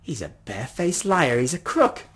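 A man voicing a stern, suspicious mother who speaks in brisk, commanding bursts. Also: mid-range voice, big pitch swings, fairly bright tone, breathy edge.

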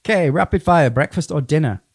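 Gravelly, mellow-voiced male host, playful rapid-fire questioner. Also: fairly high pitch, animated, dry recording, studio quality. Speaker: radio host. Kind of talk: casual interview chat.

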